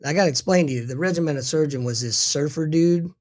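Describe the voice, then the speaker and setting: Middle-aged man, casual storyteller, swears a lot, slightly high voice. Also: fast. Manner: profane, animated storyteller acting out quotes.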